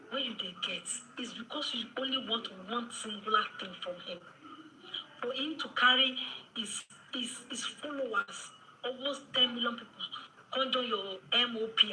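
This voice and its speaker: A Nigerian woman gives a heated reaction commentary, scolding and repeating her points for emphasis. Her voice is very bright and sharp, with a faint hiss behind it. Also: on the high side, rough recording. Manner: scolding, mixes Pidgin and Yoruba phrases, repeats for emphasis. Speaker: social media commentator.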